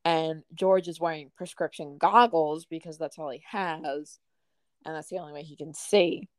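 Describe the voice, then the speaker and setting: A woman's voice: sits low, moderate pace, dry recording. A young woman in casual chat, talking fondly about favorite lines with frequent "um"s. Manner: relaxed, fond, many "um"s.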